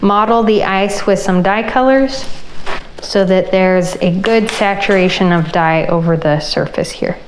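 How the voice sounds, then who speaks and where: A woman hosting a crafting channel, explaining an ice-dye project as she works in a relaxed way. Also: medium pitch, unhurried, slight background noise, rough recording. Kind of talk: casual craft tutorial.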